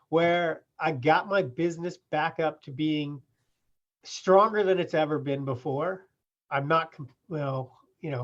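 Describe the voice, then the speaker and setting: A man in the process-serving business telling stories from his work in a plain-spoken, casual way, full of "you know". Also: a little high. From California. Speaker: process server and business owner. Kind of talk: casual interview storytelling. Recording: muffled lo-fi remote audio.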